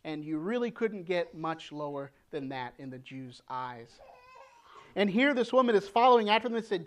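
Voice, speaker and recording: A woman preaching a sermon, earnest, posing rhetorical questions with dramatic pauses. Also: lowish voice, expressive. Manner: acts out quoted pleas with rising emotion.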